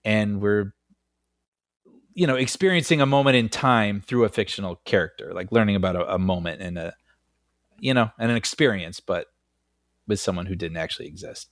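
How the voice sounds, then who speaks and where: A man co-hosting a film podcast in casual chat, animated and laughing often as he talks, on a close studio mic. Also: on the low side, fairly quick, long pauses, no room sound. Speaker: podcast co-host.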